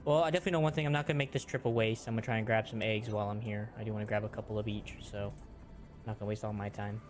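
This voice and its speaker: A man with a fairly low voice talks himself through a game in a relaxed, chatty way. He swaps in mild minced oaths for stronger words. Soft music sits faintly underneath. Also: rapid-fire. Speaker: streamer. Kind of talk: casual gameplay commentary.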